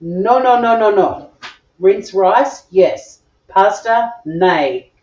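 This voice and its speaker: Australian woman, home cook host, bubbly live-stream chatter, mid pitch, slightly muffled lo-fi sound. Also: animated, very slow, darkish tone. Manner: bubbly, chatty, talks to viewers while cooking. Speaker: cooking show host. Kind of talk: live-streamed cooking chat. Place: home kitchen.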